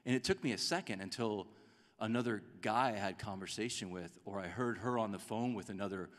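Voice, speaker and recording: A man preaching a sermon as a pastor, in a conversational, animated way that acts out quotes. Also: fairly low pitch, brisk, in a large hall. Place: church sanctuary.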